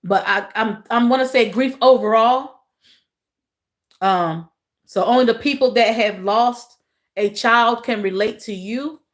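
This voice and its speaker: Woman, livestream host; casual chat with viewers, soft and emotional, repeats lines. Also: fairly high pitch, a little slow. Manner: repeats phrases, talks to chat as y'all.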